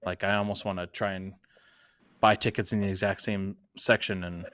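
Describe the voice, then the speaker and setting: A man co-hosting a sports podcast, telling a story in a casual, halting way. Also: deep voice, flat delivery, fairly bright tone, no room sound. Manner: hesitant, many restarts and fillers. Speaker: podcast co-host.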